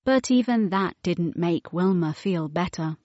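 Slow-reading woman storyteller. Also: lowish voice, animated, darkish tone, no echo, lo-fi sound. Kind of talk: children's storybook read-aloud.

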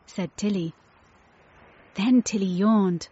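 A woman reading a children's storybook aloud, slow and clear, mixing in words from another language. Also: lowish voice, fairly even intonation, darkish tone. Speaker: storybook reader. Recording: dull lo-fi dry recording.

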